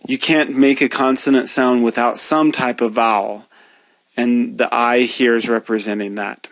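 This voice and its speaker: A man teaches pronunciation at an unhurried pace, spelling out each sound with care. His voice sits at a middle pitch, and the recording is dry and close. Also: steady tone, dry recording. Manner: slow, deliberate, demonstrates sounds. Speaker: language teacher. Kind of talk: pronunciation lesson.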